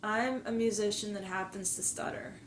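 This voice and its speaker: A woman's voice: mid-range voice, fairly even intonation, normal speed. A woman guest in a casual interview, speaking earnestly with frequent stuttered repetitions and blocks. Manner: earnest and emotional. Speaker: podcast guest, musician. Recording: echoey room with faint background noise.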